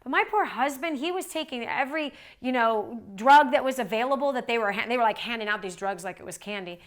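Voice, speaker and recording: A woman with a fairly high voice tells a story to an audience. Her delivery is animated and chatty, full of quick asides and casual fillers, and it keeps the flow of a motivational talk. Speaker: motivational speaker.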